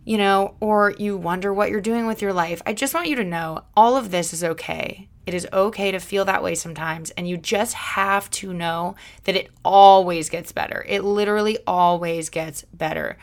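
A woman's voice: mid-range voice, moderate pace, hardly any pauses. A woman hosting her own podcast alone, chatting casually in a bubbly, upbeat way and giving encouraging pep talks. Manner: bubbly, chatty and upbeat, with excited loud greetings; encouraging, motivational pep talk. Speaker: podcast host. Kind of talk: solo podcast monologue, casual chat.

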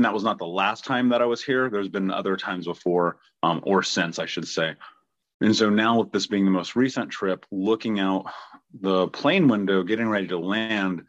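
Male podcast host, 30s, low voice, earnest, muffled dry recording. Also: a bit bright. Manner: earnest, heartfelt, occasional laughs. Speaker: podcast host, trauma healing coach. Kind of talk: personal reflective monologue.

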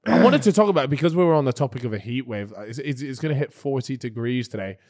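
A man's voice: mid-range voice, expressive, darkish tone. A man co-hosting a podcast, chatting casually and teasing his co-hosts. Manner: teasing, quick to joke. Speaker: podcast co-host. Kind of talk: casual chat.

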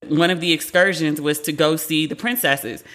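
A woman's voice: low-pitched, normal speed, a bit bright. A woman in her forties hosting a casual pop-culture talk show, chatty and candid, swearing freely and acting out the people she quotes. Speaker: podcast host.

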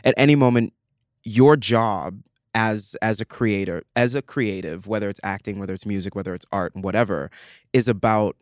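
A man's voice: on the low side, normal speed, no room sound, clean studio sound. A man chatting as a podcast guest. He tells stories with energy and acts out the voices of the people he quotes. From United States. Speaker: podcast guest, actor and musician. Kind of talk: casual chat.

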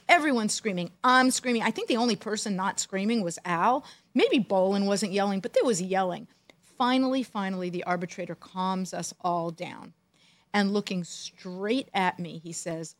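A woman co-hosting a podcast, a former team executive telling animated stories with dry jokes. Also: mid-range voice, moderate pace, no echo. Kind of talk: casual storytelling chat.

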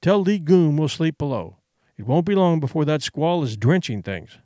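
This is a composed, steely ship owner, as a male narrator puts him on. He speaks quietly and low, with a tense, firm edge. The audiobook recording is dry and close. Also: very animated, moderate pace, no echo. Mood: cold. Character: cool, controlled ship owner, man.

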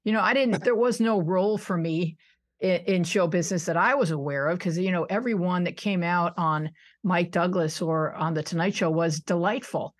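Her voice leans low and moves at a moderate pace as she chats on a podcast. She's in her sixties, from suburban Buffalo in upstate New York, and she laughs a lot and readily jokes at her own expense in this casual interview.

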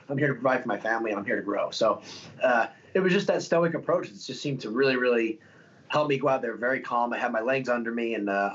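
Young man, fighter, interview guest, fast talker, rambling, filler-heavy, muffled lo-fi sound. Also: medium pitch, a bit bright. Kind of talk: casual interview talk. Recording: dull lo-fi sound.

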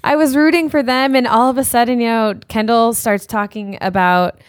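A woman's voice: on the high side, steady tone, moderate pace, no room sound. A woman co-hosting a podcast in casual chat, talking loosely with plenty of filler words. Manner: chatty, lots of "like" and "um". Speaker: podcast co-host.

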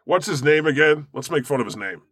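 A man hosting a comedy podcast as God, talking in a bright, forceful tone. He is irreverent and boastful, swearing casually and landing deadpan jokes. The recording is close and dry. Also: a little high, brisk, slightly rough, no echo. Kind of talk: improvised comedy chat in character.

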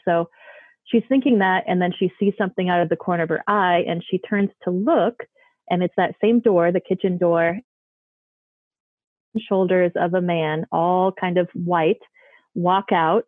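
A woman guest tells a ghost story from her own life in a chatty, rambling way, full of "like" and "um." Her fairly low voice is steady at a moderate pace, on a dry, tinny, phone-like line.

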